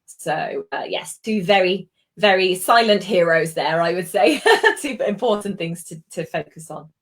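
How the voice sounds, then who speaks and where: With a fairly low pitch and measured pace, a woman from Britain leads a live online tutoring session on exam writing. She's patient, illustrates points with examples, and often says "um".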